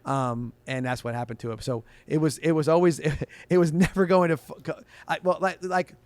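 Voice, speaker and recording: A man's voice: fairly high pitch, steady tone, normal speed, no room sound. A man hosting a sports radio show, answering listener questions in a loose, rambling way and often restarting his sentences. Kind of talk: casual sports talk show chat.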